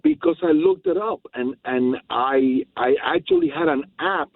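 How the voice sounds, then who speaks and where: A man's voice: high-pitched, huge pitch swings, moderate pace, creaky, no echo. A man calling in to a talk radio show, making his points in an emphatic, rambling way. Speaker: caller. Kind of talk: casual phone-in chat. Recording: tinny phone line.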